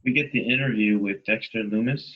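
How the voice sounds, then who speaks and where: A man's voice: fairly low pitch, brisk, breathy edge, highs cut off. A man co-hosting a wrestling podcast, laid-back and rambling with lots of "um" and "you know". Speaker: podcast co-host. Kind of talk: casual wrestling podcast chat.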